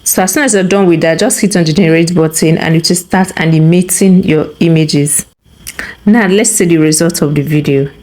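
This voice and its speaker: A woman hosting a software tutorial, walking through steps and often checking in with a quick "okay?". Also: low-pitched. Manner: instructive, tags remarks with "okay?". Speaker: tutorial host. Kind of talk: screen-recorded software tutorial.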